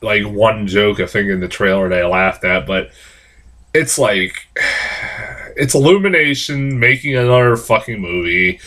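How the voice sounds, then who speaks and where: A man with a blocked nose talks through a casual movie review, loose and rambling. He swears constantly and leans on fillers, his voice jumping up when something gets to him. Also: medium pitch. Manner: rambling, profane, animated, with frequent fillers. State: stuffed-up nose from a cold. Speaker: film reviewer. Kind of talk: casual spoken film review.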